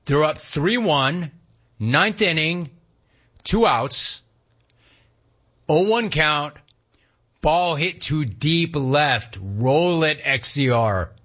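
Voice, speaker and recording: A man's voice: fairly high pitch, lively intonation, very slow, long pauses, a bit bright, lo-fi sound. A man hosting a sports talk radio show, telling a baseball story with laughter and mock outrage.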